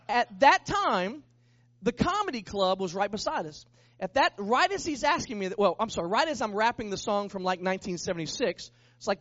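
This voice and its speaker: Pastor guy telling a story in a sermon, high voice, animated, kinda dull dry recording. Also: no room sound. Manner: animated, acts out the people in his story.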